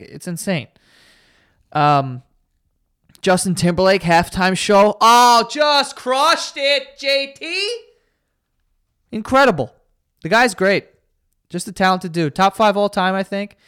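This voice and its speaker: A man's voice: high-pitched, dry recording, clean studio sound. A young man hosting a casual solo podcast, rambling and profane, sarcastic, often tripping over his words. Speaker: podcast host.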